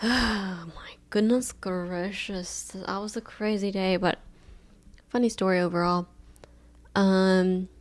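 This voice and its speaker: A young woman talks through a personal story on her solo podcast, casual and rambling. Her delivery is chill and fairly flat, loose and unhurried, and she leans heavily on "like" as she goes. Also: medium pitch, clean tone. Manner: chill, laid-back, monotone delivery; rambling with many fillers like "like". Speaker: podcast host.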